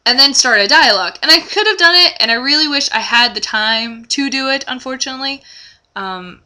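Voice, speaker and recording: A young woman chatting to camera in a vlog, telling a story in an animated way with lots of ums. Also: sits high, a little fast. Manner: animated storytelling, many fillers. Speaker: vlogger. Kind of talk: casual chat to camera.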